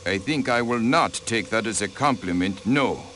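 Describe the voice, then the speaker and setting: An actor voicing a haughty aristocratic diplomat, a count, who answers in a cold, dismissive way, in a video game. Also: male voice, lowish voice, expressive, normal speed, a bit bright, a little hiss or hum.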